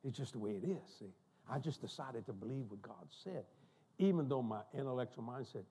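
An older man preaching a sermon, telling folksy, humorous family stories in an animated way. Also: medium pitch, a little fast, husky. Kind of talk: storytelling sermon. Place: church.

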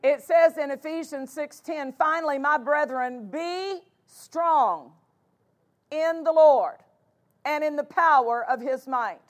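A woman's voice: high voice, slow. A woman pastor preaching a sermon, stressing and repeating key phrases with emphatic conviction.

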